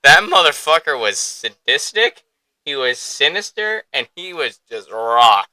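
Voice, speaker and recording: Podcast host, male: excitable, swears freely and laughs a lot, with a very bright voice and a dry, close sound. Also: on the high side, measured pace, no room sound, low-quality recording. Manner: excitable, profane, laughs often. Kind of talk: casual podcast chat.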